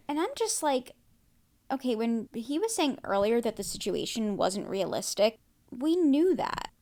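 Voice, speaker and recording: A woman with a slightly high voice recaps a TV episode for her podcast in loose, chatty talk. She gasps and exclaims as she goes, with plenty of "like" and "um" along the way. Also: normal speed. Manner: excitable, reacts loudly with gasps and exclamations; chatty, many "like" and "um" fillers. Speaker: podcast host.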